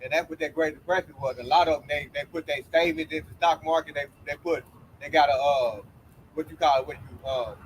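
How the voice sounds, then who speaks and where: Brief: man, slightly high voice, casual explainer, hesitant restarts, faint background noise outdoors. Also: steady tone, a little fast, poor audio. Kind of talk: casual chat. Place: outdoors by a road.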